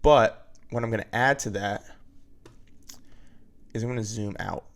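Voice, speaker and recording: A man's voice: lowish voice, measured pace. A man teaching video editing in a casual, step-by-step way, often checking in with "right?". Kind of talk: screen-recorded editing tutorial.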